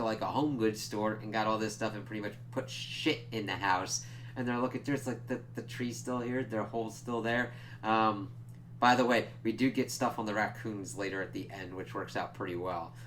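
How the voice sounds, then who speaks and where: A young man with a bright, forceful voice talks through a TV episode in a loose, rambling way, swearing freely and acting out bits of dialogue. A faint hum sits under the recording. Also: lowish voice. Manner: rambling and profane, acts out quoted lines. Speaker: TV episode reviewer. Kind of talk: casual spoken review.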